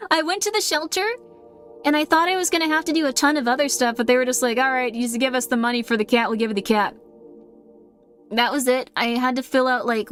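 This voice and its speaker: A woman's voice: on the high side, a bit bright. A woman streamer chatting casually with her viewers in a rambling way, with many fillers and frequent laughs.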